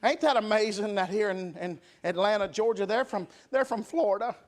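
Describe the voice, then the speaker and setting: A man's voice: sits high, fairly quick. A man preaching a revival sermon in a church, emphatic and calling for responses from the congregation. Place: church sanctuary.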